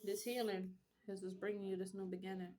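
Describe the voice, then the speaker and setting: A woman's voice: medium pitch, flat delivery, brisk, warm tone, slight background noise. A woman giving a casual tarot reading with a blunt, profane pep-talk manner. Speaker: tarot reader.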